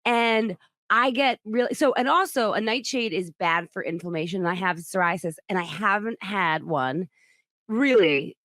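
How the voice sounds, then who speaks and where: A woman's voice: mid-range voice, normal speed, fairly bright tone, dry recording, studio quality. A woman comedian hosting a casual podcast chat, rambling through tangents and laughing often.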